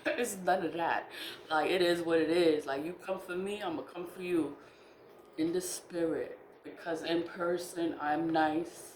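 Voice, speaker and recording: Low-voiced woman musing in an echoey room. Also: fairly even intonation, a little slow, darkish tone. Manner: frank, emphatic, laughs often and swears in asides. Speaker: spiritual vlogger. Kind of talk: casual spiritual monologue. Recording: echoey room with faint noise.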